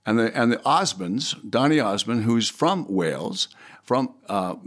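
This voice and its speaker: A man's voice: fairly low pitch, expressive, unhurried. An older man, a guest in an interview, telling stories in a rambling way, repeating words and now and then breaking into bits of song. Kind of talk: animated storytelling.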